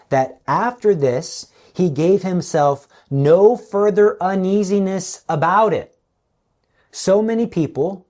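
A man's voice: on the high side, a little mellow. A man preaching a spiritual talk online, earnest and emphatic, acting out the voices he quotes.

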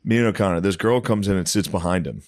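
A man with a lowish voice telling a wild bar story in loose, profane chat. He laughs through his lines and recorded dry and close. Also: fast talker, no echo. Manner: animated storyteller, laughs often, swears freely.

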